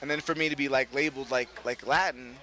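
A middle-aged man from Brooklyn, an actor being interviewed, telling stories casually and laughing often, jumping up in pitch when he quotes people. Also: quick pace. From Brooklyn, New York. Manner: animated, laughing, voices quotes with big pitch jumps. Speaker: actor, guest.

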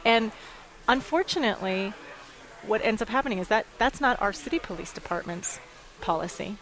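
A woman's voice: medium pitch, moderate pace, low-quality recording. Woman advocate telling a story animatedly. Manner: animated storytelling, quotes others, laughs often. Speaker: executive director of an advocacy group. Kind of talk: radio interview.

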